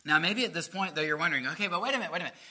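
A man's voice: a little high, lively intonation, very fast, bright, forceful tone, breathy edge. A man preaching a sermon, asking rhetorical questions in an earnest, explaining way. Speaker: pastor.

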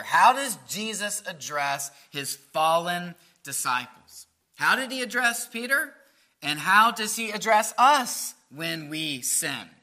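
A man's voice: on the high side, bright, forceful tone. A man preaching a sermon, asking rhetorical questions in an earnest, explaining way. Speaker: pastor.

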